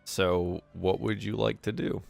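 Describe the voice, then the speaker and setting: A man narrating as game master of a tabletop game, animated and halting, with many fillers. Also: deep voice, creaky, no room sound, soft background music. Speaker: dungeon master. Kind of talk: running a tabletop game online.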